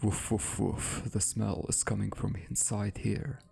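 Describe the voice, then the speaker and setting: A man voicing an old hound in a storybook, barking out short rhymed lines in a low, gravelly voice. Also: little pitch movement, measured pace, mellow, soft background music, full character voice. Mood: matter-of-fact. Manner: barking, rhyming storybook speech. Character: old male hound with keen nose.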